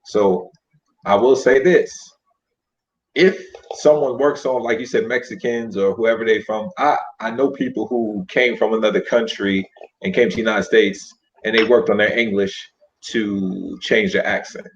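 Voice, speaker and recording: A man's voice: fairly low pitch, moderate pace. A man in a casual online debate, laid-back, counting off his points one by one. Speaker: panelist in online discussion. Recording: dull lo-fi stream audio.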